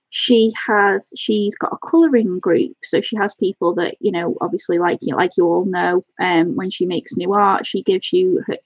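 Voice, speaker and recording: A woman talks on a live stream with a slightly husky, breathy voice. She gushes with excitement and keeps thanking her viewers by name. The audio is dry and a little dull, like lo-fi stream sound. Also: mid-range voice, no echo. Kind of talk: casual live-stream chat.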